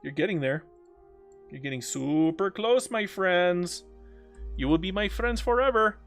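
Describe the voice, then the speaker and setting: A man streaming a strategy game, chatting casually with viewers and joking to himself, swinging between loud outbursts and low mutters. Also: lively intonation, unhurried, soft background music. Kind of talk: casual live-stream commentary.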